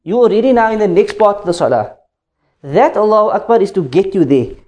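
A man's voice: sits high, animated, brisk, a little mellow. A man teaching a class on the rules of prayer, explaining step by step and often checking that students follow. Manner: demonstrates chanted phrases. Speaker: Islamic teacher.

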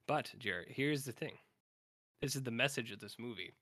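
Bright-voiced joking man. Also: mid-range voice, normal speed. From Canada. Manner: joking, teasing, acts out lines from the film. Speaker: podcast co-host. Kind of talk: casual movie chat.

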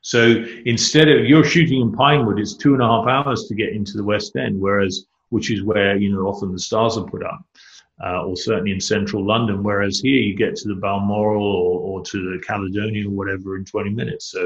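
A man's voice: on the low side, steady tone, brisk, roomy sound, highs cut off. A middle-aged man chatting as an interview guest, rambling and enthusiastic, often restarting his sentences. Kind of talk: casual interview chat.

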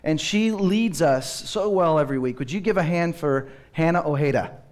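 A man's voice: fairly high pitch, normal speed, a little mellow. A man preaching a sermon as pastor, telling stories with humor and acting out children's voices.

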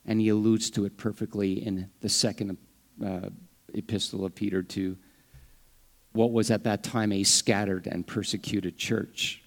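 A man preaching a sermon in a conversational style, with humorous asides, acting out the lines he quotes with sudden rises and drops in pitch and volume. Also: flat delivery, unhurried. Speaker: pastor.

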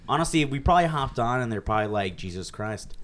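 A man's voice: medium pitch, rapid-fire, noisy background. A young man co-hosting a podcast, telling stories with lots of acted-out quotes and casual swearing. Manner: animated storyteller, acts out quotes in raised voices, swears freely. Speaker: podcast co-host. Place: California.

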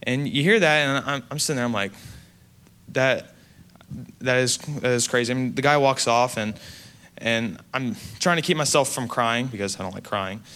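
Young US man, earnest and halting testimony storyteller, crisp clear voice. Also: mid-range voice, a bit bright. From United States. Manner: earnest, halting, many restarts. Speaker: mission trip speaker.

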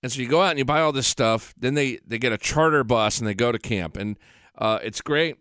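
The radio host's voice is medium-pitched, brisk, smooth, and a bit bright as he wanders through a loose, profane monologue. His studio mic gives a dry, close sound with no echo.

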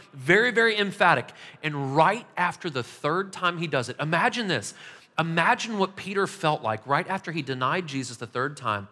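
Animated preaching man in an echoey hall. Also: a little high, moderate pace. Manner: conversational, animated preaching with frequent "right?" asides. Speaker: pastor. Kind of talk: sermon.

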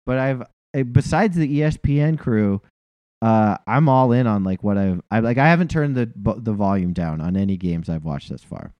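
A man's voice: lowish voice, moderate pace, clear, resonant tone, dry recording, lo-fi sound. A man in his forties co-hosting a podcast, rambling in casual sports chat with lots of fillers and easy laughter. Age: 40s. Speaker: podcast co-host.

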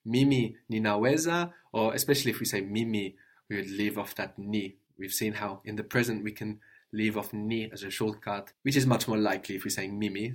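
A man teaching a language lesson, patiently prompting his student with questions and gently correcting answers. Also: lowish voice.

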